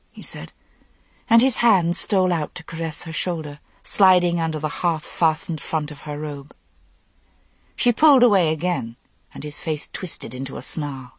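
Low, husky woman narrating a novel. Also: animated, dry recording. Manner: measured, dramatic reading. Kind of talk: audiobook narration.

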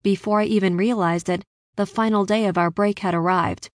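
A woman reads a first-person story as an audiobook narrator, keeping her storytelling even and steady. Her voice sits in a middle range and is recorded dry and close, with no room echo. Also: medium pitch, fairly quick.

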